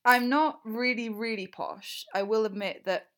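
A young woman with a southern English accent, answering listener questions in a casual, chatty way, enunciating clearly, with lots of fillers, laughter and swearing. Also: on the high side, measured pace, fairly bright tone. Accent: southern English, standard-leaning. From England. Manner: enunciates clearly when recording. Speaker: creator answering fan questions. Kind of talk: casual Q&A recording.

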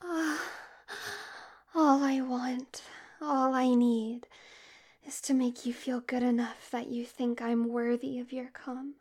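A woman voicing a female robot in a breathy, whispery seductive mode in a whispered role-play. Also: sits high, little pitch movement, takes it slowly, darkish tone.

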